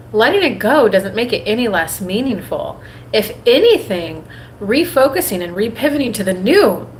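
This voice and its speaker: A woman's voice: a bit bright, a little hiss or hum, rough recording. Woman hosting a spiritual livestream. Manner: conversational, acts out quoted inner voices in a higher tone; repetitive and rhythmic when making a point. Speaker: host of a live spiritual reading show. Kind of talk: livestream talk with a channeled-style message.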